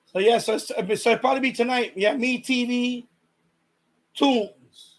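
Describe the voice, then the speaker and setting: Stream host, male, high-pitched voice, loose rambling chat that doubles back on itself and reads out viewer comments. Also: fairly even intonation, unhurried. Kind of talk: casual chat with live viewers.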